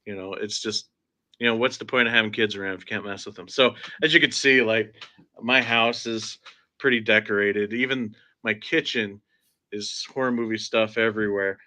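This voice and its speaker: Man, bright clear voice, playful storyteller, casual stream host, video call. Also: lowish voice, steady tone, moderate pace. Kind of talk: casual chat on a livestream.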